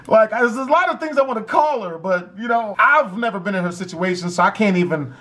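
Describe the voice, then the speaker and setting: A man telling a story in a casual, profane and animated way. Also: high voice, brisk.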